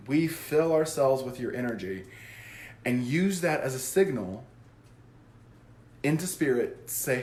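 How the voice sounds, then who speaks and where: A man who works as a psychic medium, explaining his work to camera in a goofy, animated way. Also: medium pitch, measured pace, long pauses, roomy sound, slight background noise. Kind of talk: casual talk to camera.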